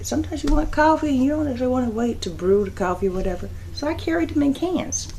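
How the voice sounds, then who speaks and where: A woman's voice: medium pitch, gravelly, dark tone, a little hiss or hum, low-quality recording. A woman vlogger chatting casually to camera, rambling from topic to topic, laughing often and acting out what other people said. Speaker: soap-making vlogger.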